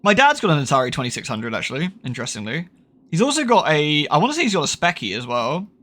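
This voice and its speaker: British man, game streamer, rambling casual chat, swears and laughs a lot, fairly high voice that swings up and down. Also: very animated, quick pace, fairly bright tone. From United Kingdom.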